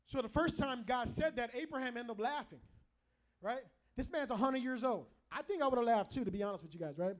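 High-voiced animated preacher man. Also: brisk. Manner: animated, joking, calls out to the congregation. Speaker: pastor. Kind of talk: lively preaching sermon. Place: church hall with a live congregation.

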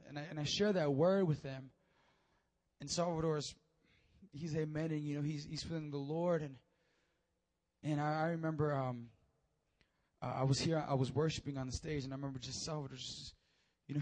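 A young man preaching a sermon, telling a story with emotion and swelling to near shouts at the high points.

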